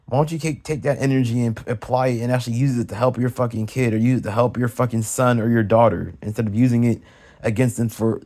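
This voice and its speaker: A man's voice: steady tone, quick pace. A young man ranting heatedly in a casual vlog, swearing often and repeating himself as he vents. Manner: profane, heated, repetitive ranting; swings high and loud when mimicking others. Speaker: vlogger ranting. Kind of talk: casual rant.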